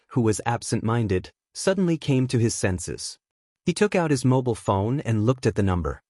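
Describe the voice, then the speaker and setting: Guy reading a fantasy audiobook, steady and even, mid voice, super dry sound. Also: medium pitch, dry recording. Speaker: audiobook narrator. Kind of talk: scripted audiobook narration. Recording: dry close-miked studio sound.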